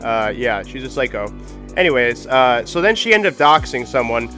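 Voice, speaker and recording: A man's voice: mid-range voice, big pitch swings, moderate pace, sharp tone, faint music behind. A man hosting a livestream, talking in a blunt, heated and profane casual way. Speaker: livestream host.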